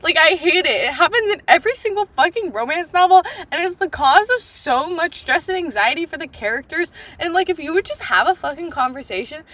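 A woman's voice: very high-pitched, animated, fairly quick, hardly any pauses, a bit bright. A woman hosting a book podcast, chatting casually and rambling with lots of fillers. She gushes and gets exasperated, swearing freely. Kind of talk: casual book review chat.

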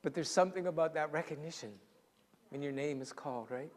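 Male pastor, sermon, high voice, storytelling with hushed dramatic drops, echoing hall. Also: a little fast. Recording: long reverb in a large hall.

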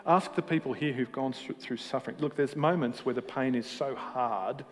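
A man preaching a sermon with passion, swinging between emphatic peaks and quiet moments, with self-deprecating humor. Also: medium pitch, moderate pace. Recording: hall reverb with faint music.

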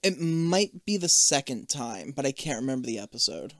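A man's voice: mid-range voice, sing-song, dry recording, clean studio sound. A young man co-hosting a podcast, casually and jokingly retelling a show's episode with some swearing. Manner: jokey, swearing, retells scenes in quick acted quotes. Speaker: podcast co-host.

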